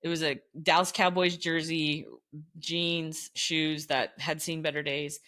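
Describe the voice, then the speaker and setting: A middle-aged woman with a bright, vivid voice, talking through classroom memories as a guest on a conversation show. She tells her stories with energy, slipping into the voices of the people in them. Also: sits low, unhurried. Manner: animated, acts out quoted voices. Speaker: guest, former teacher. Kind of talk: storytelling in casual conversation.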